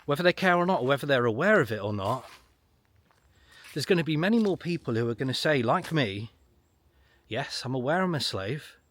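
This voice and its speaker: A man's voice: mid-range voice, animated, fairly bright tone, dry recording. Emphatic ranting man, dry close sound. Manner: emphatic, repetitive, ranting with long pauses. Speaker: online political commentator. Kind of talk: solo monologue to camera.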